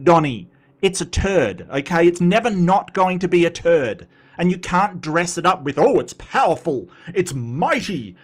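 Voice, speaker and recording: Man, fairly high voice, sarcastic, exasperated, reaction commentary. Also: a bit bright. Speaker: commentary host reacting to a video.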